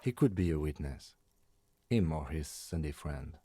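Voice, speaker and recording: A man voicing a calm, methodical male police detective in a game, speaking in a level, matter-of-fact way. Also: a bass voice, a little slow, breathy edge, no echo, full character voice. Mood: composed.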